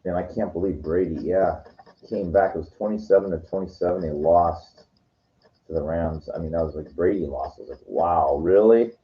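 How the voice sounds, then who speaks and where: A man's voice: sits low, steady tone, fairly quick. A man talking in a loose, rambling way, full of "you know" and "like" with frequent restarts. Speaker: weekend vlogger. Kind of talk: casual rambling monologue. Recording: dull lo-fi recording.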